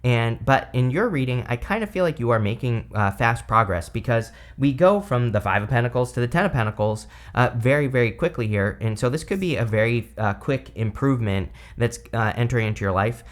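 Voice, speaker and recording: A man talks his way through a tarot spread in a loose, chatty manner, full of filler words. His voice sits at an ordinary middle pitch, and he has the hiccups. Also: lively intonation, fairly quick, few pauses. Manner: chatty, rambling, many fillers. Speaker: tarot reader. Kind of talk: casual tarot reading.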